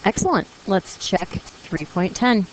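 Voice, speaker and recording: A woman's voice: mid-range voice, expressive, a little slow, slight background noise, poor audio. A woman teacher explaining punctuation rules to her class in a patient, encouraging way, reading example sentences aloud. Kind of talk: classroom grammar lesson.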